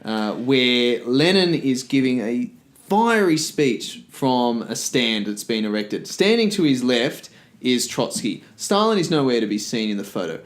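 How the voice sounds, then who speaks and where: Man explaining, mid-pitched. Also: big pitch swings, measured pace. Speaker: podcast co-host. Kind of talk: casual history podcast chat.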